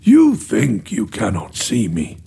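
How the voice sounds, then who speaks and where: A man voicing a gentle, wise ancient female nature spirit, speaking softly and slowly. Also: fairly high pitch, very animated, gravelly, husky, full character voice. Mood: reassuring. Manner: soft, slow, soothing.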